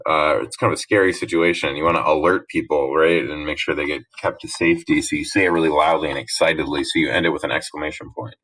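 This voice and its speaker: A man's voice: extremely low pitch, fairly even intonation, quick pace, few pauses, a bit bright, low-quality recording. A young man teaching grammar from slides in a casual, explaining way, often checking in with "right?". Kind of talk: recorded slide lesson narration.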